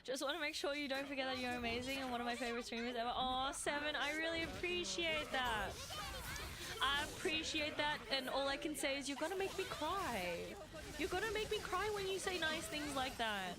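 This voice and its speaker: A woman's voice: sits high, a little fast, over music. A young woman streaming and chatting casually with her viewers, blunt and swearing freely, rambling with lots of fillers.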